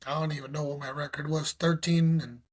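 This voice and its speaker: Husky, higher-voiced man telling stories. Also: fairly quick. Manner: animated, slangy, acts out quotes. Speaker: podcast guest. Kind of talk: casual storytelling.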